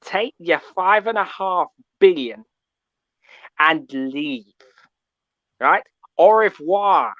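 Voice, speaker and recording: A man calling in to a fan show, ranting in an animated, preachy way and often asking "yeah?". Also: high voice, takes it slowly, long pauses, dry recording, muffled recording. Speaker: caller. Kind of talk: call-in fan rant.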